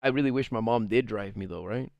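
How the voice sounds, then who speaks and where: A man's voice: lowish voice, a little fast, vocal fry, no echo, lo-fi sound. A man streaming and casually telling a story to his chat, rambling with lots of fillers, cursing and laughing often.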